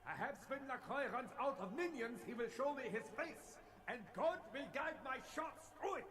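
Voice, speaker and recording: Grünfeldt Bach, a fanatical hunter. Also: male voice, animated, normal speed. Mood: menacing. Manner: fanatical, booming preacher-like threats. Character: zealous vampire-hunter leader, middle-aged man. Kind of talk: game voice acting.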